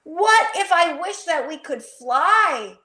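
A woman voicing an eager young boy in a lively, excited way. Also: extremely high pitch, slow pace, voice pushed up, exaggerated voice.

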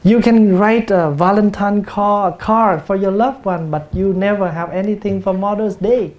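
A man with a Vietnamese accent, a Buddhist monk giving a gentle, humorous dharma talk in a meditation hall. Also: high-pitched, a little slow, highs cut off. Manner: gentle, humorous, acts out everyday speech. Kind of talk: sermon.

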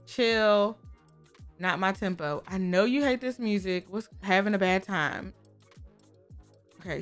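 A woman's voice: on the high side, fairly bright tone. A woman giving casual, chatty commentary while playing a life-sim game, often talking to the characters on screen. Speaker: gaming creator. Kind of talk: casual let's-play commentary.

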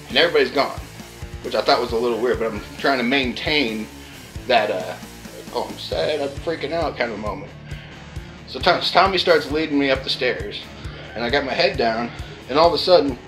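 A man tells a personal story in a loose, chatty way, stringing it along with plenty of fillers. His voice sits at an ordinary middle pitch. Soft guitar music runs faintly in the background. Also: animated, moderate pace, pauses often, low-quality recording. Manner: chatty, full of "like" fillers, acts out the quotes. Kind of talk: casual spoken anecdote.

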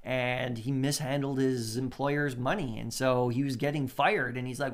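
A man preaching a sermon, lively and conversational, with asides and short laughs as he acts out the quotes. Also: mid-range voice, normal speed. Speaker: pastor.

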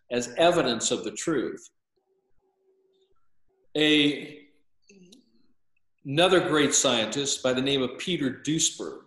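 A man's voice: mid-range voice, fairly bright tone, roomy sound, rough recording. An older man explaining at length as an interview guest, hesitant, with frequent filler sounds and restarts. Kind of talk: lecturing explanation.

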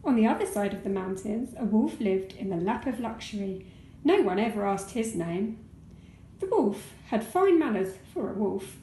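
A woman teacher reading a storybook aloud for children in a gentle, expressive voice. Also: mid-range voice, normal speed, echoey room, slight background noise, rough recording.

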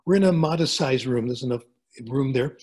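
Older male professor on a webinar: husky, conversational, fond of jokes and everyday examples. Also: mid-range voice, fairly quick, a little mellow. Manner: chatty, joking asides, plain examples. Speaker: guest speaker, linguistics professor. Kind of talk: webinar lecture answering questions. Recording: video call.

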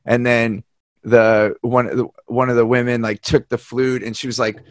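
At a moderate pace and in a mid-range voice, this podcast host tells casual stories, slipping into voices for the people he quotes. The sound is dry and studio-grade, from a podcast mic.

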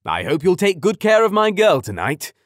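A man doing a booming, effusive dad. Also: wildly swooping pitch, moderate pace, dry recording, clean studio sound. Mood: eager. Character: loud exuberant middle-aged father.

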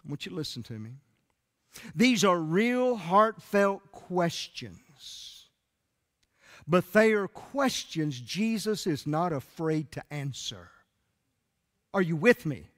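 A man preaching a sermon as pastor, with emphatic rising peaks and drawn-out soft endings, streamed from a church sanctuary. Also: high-pitched, big pitch swings. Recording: church live stream with long hall reverb.

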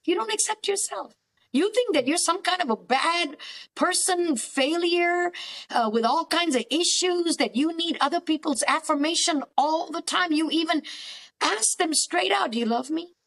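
A woman's voice: very high-pitched, measured pace. A woman therapist, a podcast guest, talking animatedly and a little preacherly, often restarting sentences as she thinks aloud. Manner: animated, preacherly, acts out quoted voices. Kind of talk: conversational podcast interview.

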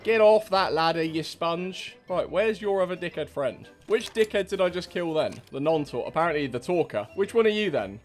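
A man's voice: on the high side, animated, moderate pace, few pauses, music in the background. A young man taunting other players over game voice chat in a cheeky, mocking way, full of slang. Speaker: game streamer.

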